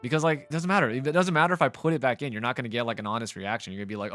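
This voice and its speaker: A man talks over a video game in a frustrated, rambling way, full of stops and restarts. His voice sits in a middle pitch. The sound is dry and close, with little room echo. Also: steady tone, racing, fairly bright tone, soft background music. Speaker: gaming channel host. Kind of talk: let's play commentary.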